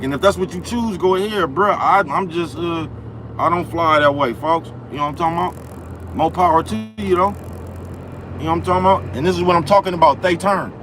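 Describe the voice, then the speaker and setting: A man's voice: high voice, fairly bright tone, a little hiss or hum. Profane man ranting on a livestream. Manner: profane, repetitive, keeps asking "you know what I'm talking about". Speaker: livestream host. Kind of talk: ranting live-stream monologue. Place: outdoors in the cold, near traffic.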